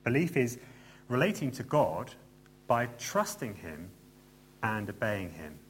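A man's voice: fairly low pitch, big pitch swings, takes it slowly, breathy edge. A man preaching a sermon in a church, earnest and emphatic, with light asides to the congregation.

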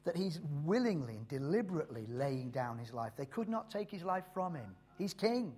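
Male preacher, husky tone, expressive and varied delivery, draws out key phrases in a sermon. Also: a little high. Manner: emphatic, rises and drops in loudness and slows on key phrases.

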